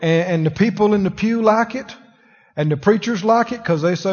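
A husky, high-pitched preacher leads a sermon, putting questions to his listeners as he goes. His voice carries a long reverb through a church hall. The recording is dull and lo-fi. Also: normal speed. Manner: conversational preaching, asks the congregation questions. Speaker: pastor. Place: church sanctuary.

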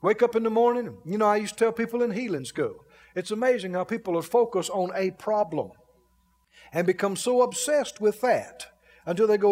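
High-voiced animated preacher in a reverberant hall. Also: male voice, brisk. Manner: animated, mimics grumbling people. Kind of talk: sermon.

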